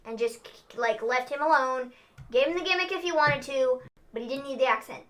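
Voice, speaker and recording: A young woman hosting a casual wrestling recap, opinionated and emphatic, quick to laugh. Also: high-pitched, fairly bright tone. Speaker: host.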